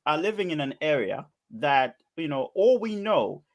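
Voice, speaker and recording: A man's voice: a little high, sing-song, normal speed. A man co-hosting a podcast, pressing the others with questions in an argumentative casual debate. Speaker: podcast co-host.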